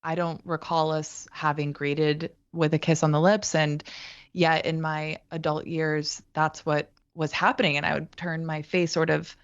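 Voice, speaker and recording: A woman in her thirties, a guest talking reflectively and haltingly in an interview, with frequent restarts. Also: sits low, flat delivery, clean tone, no echo, lo-fi sound. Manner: thoughtful, halting, many restarts. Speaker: guest, actor and writer.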